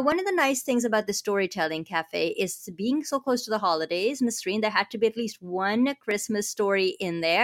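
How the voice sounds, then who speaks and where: A woman's voice: fairly high pitch, a bit bright. A woman hosting a radio talk show, chatting conversationally and introducing segments. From Canada. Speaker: host.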